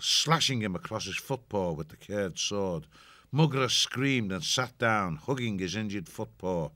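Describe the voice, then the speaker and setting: A man narrating an audiobook in a measured, steady storytelling manner. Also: sits low, no echo, clean studio sound. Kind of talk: audiobook reading.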